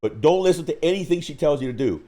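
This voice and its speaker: A man co-hosting a live stream, telling a gaming story in an animated way, acting out voices and screams. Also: on the high side, fast talker. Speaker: co-host of a hobby live stream.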